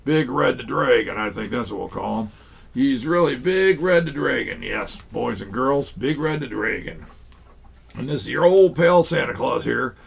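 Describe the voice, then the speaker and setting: A man's voice: mid-range voice, expressive, moderate pace, vocal fry, slightly rough. A man playing Santa Claus in a children's craft show, chatting folksily to boys and girls as he works.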